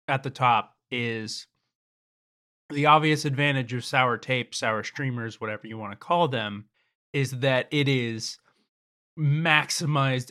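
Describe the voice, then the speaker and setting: A man's voice: mid-range voice, bright, forceful tone. A man co-hosting a casual snack review chat, laid-back and profane, often chuckling. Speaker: co-host.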